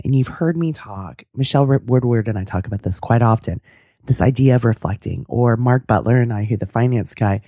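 Hoarse, gravelly woman podcast host. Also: a bass voice, mellow, no echo, studio quality. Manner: earnest, thoughtful, self-deprecating. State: hoarse, cracking voice. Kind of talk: casual interview chat and solo reflection.

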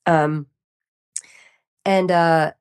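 A woman talking as a podcast guest in casual interview chat, animated and often laughing as she acts out her own reactions. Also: low-pitched, drawn-out words, smooth.

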